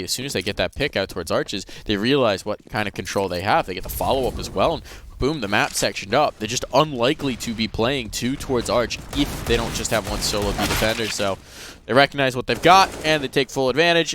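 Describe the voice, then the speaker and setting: A man's voice: medium pitch, lively intonation, fast, fairly bright tone. A male esports commentator calls the action live into a headset mic, his play-by-play climbing in energy as the round heats up. There is a faint hum of noise behind his voice. Clicks come through now and then. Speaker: esports caster. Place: live event broadcast booth.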